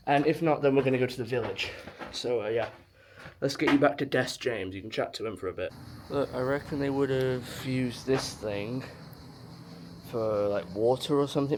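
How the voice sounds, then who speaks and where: A man in a casual travel vlog, chatting excitedly as he explores underground ruins and caves. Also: medium pitch, moderate pace, background noise. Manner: chatty, excitable, jumpy about bugs. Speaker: travel vlogger.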